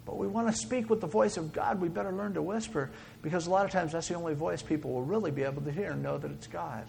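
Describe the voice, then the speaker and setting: High gravelly-voiced male preacher. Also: fast talker, a little hiss or hum. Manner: dramatic, swings between loud exclaiming and hushed whispering. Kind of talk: sermon.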